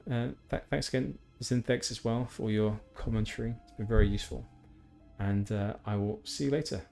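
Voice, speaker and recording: A man's voice: lowish voice, normal speed, vocal fry, a little mellow, faint music behind. A man streaming a game, chatting casually with rambling, self-deprecating asides. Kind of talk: casual gameplay commentary.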